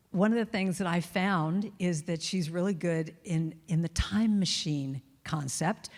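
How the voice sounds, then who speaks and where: A woman's voice: lowish voice, a little mellow, in a large hall. A woman giving a chatty, playful inspirational talk at a spiritual center, laughing now and then. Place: church hall.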